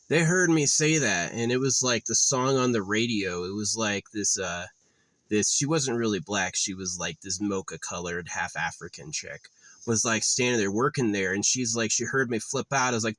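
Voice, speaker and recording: A man's voice: mid-range voice, lively intonation, moderate pace, fairly bright tone, no room sound. A man vlogging in a casual, rambling rant, swearing often and sounding exasperated. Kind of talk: casual ranting monologue.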